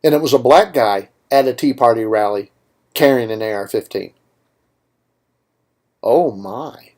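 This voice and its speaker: Brisk and somewhat dark in tone, this mid-range male voice belongs to a political talk radio host. He delivers an opinionated monologue full of emphatic points and rhetorical questions.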